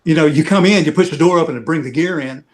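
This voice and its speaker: Man, slightly high voice, rambling anecdotal roadie storyteller, filler-heavy. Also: fast talker, a little mellow. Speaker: veteran rock roadie guest. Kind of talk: casual storytelling on a podcast.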